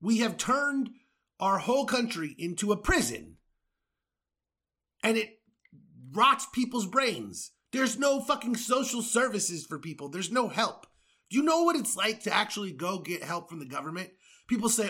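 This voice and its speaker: Heated, high-voiced American man ranting. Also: big pitch swings, moderate pace, pushed and bright. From United States. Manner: heated, profane, sarcastic asides. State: angry. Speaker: podcast host. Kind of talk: angry political rant.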